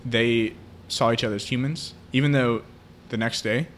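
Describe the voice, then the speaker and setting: He has a steady, slightly bright mid-range voice at normal speed, with a little background noise. Co-hosting a podcast, he casually walks through a film's plot with plenty of fillers.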